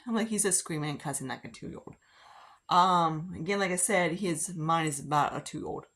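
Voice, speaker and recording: Woman vlogger, lowish voice, rambling casual makeup chat, heavy on "like". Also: normal speed, fairly bright tone. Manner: rambling, filler-heavy, frequent "like". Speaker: beauty vlogger. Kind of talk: casual get-ready-with-me chat.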